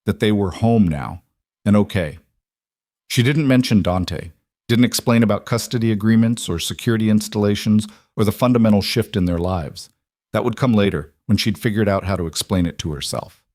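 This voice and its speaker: A man narrating a romance story in a measured, even storytelling manner. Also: on the low side, dry recording, studio quality.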